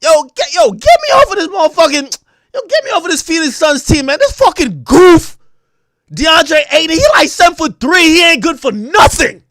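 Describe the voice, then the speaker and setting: A man putting on the voice of a whiny male basketball star who shouts complaints about his teammates in crude slang. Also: very high voice, very animated, normal speed, dry recording, clean studio sound, pitched above the performer's own voice, full character voice. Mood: griping.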